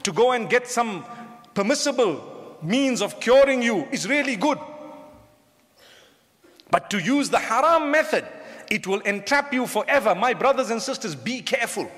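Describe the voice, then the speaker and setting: Very high-voiced preacher in a reverberant hall. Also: male voice, lively intonation, moderate pace, pauses often, a bit bright. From southern Africa. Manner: humorous, asks the crowd questions, mimics people. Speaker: Islamic preacher. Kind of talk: lecture-style sermon to a live audience. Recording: long reverb of a large hall.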